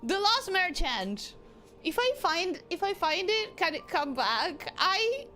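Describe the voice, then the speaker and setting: A young woman streaming a game, talking casually with a high, bright voice that swings widely in pitch. She turns expressive and exasperated at times, with faint game music playing behind her. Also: slow. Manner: expressive, bursts into exasperated outcries.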